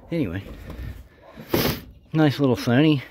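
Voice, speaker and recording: A man vlogging casually outdoors while hunting scrap, folksy and joking with his viewers, a bit out of breath. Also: fairly high pitch. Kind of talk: casual vlog chat. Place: outdoors, backyard and curbside. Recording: noisy outdoor phone audio.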